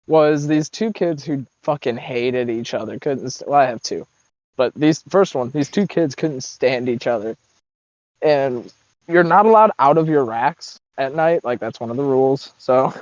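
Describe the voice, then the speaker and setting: A man's voice: on the high side, darkish tone, no echo, lo-fi sound. A man telling rambling, profane boot camp stories in a casual podcast chat, laughing often.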